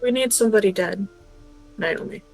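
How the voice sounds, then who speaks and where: A shady underworld go-between in a tabletop game, cool and unhurried with a quiet menace in his offers, as a woman puts him on. His voice sits at an ordinary middle pitch. Faint music plays behind. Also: lightly acted, rough recording. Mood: menacing. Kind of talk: voicing a tabletop game character.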